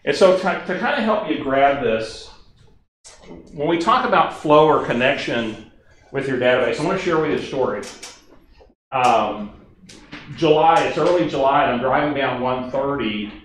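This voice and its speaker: A man's voice: mid-range voice, animated, moderate pace, long pauses, far from the mic. A man giving a training presentation to a class, conversational and engaging, often asking the audience questions. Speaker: instructor. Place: classroom or meeting room. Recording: very echoey room, faint noise.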